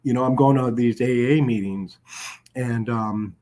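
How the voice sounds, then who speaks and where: A middle-aged man from the Chicago area tells his own story as a podcast guest, speaking at an ordinary mid-range pitch. He sounds earnest and reflective, often stopping to restart with a filler word. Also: a little slow, mellow. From Chicago area, USA. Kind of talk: personal storytelling in a podcast interview.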